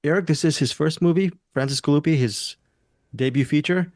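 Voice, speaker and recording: A man's voice: a little high, brisk, a little mellow, dry recording, studio quality. A man hosting a casual movie review podcast, talking enthusiastically and rambling with restarts. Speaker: podcast host.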